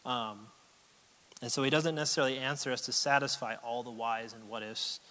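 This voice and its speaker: A man preaching a sermon as a pastor, earnest and halting, often restarting words and getting choked up as he reads scripture. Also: mid-range voice, fairly even intonation, bright, forceful tone, long reverb tail, poor audio. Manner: earnest, halting with repeated starts, gets choked up.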